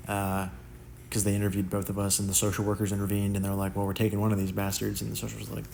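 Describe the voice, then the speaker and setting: Fast and creaky with a fairly low pitch, a young man runs through wild life stories in a casual, slangy monologue over slight background noise. He's an animated content creator who acts out quotes in different voices.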